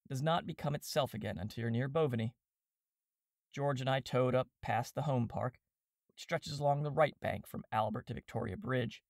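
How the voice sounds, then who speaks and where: A man narrating a classic comic novel in a steady, wry storytelling manner, voicing the characters as he goes. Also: medium pitch, normal speed, creaky, dry recording, studio quality. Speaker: audiobook reader and podcast host.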